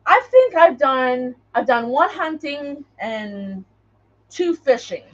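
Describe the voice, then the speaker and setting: A woman's voice: sits high, very animated, slow pace, highs cut off. A woman hosting a craft livestream, chatting in a rambling way and greeting viewers by name as she works. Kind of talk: casual live chat while crafting.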